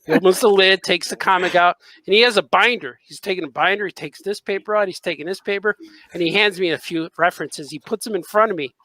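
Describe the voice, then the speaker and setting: A man who draws comics, co-hosting a podcast and telling a story with lively acted-out dialogue and frequent laughter. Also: high-pitched, fast, rough recording. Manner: animated storyteller, acts out dialogue, laughs often. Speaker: podcast co-host and comic artist. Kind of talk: casual chat.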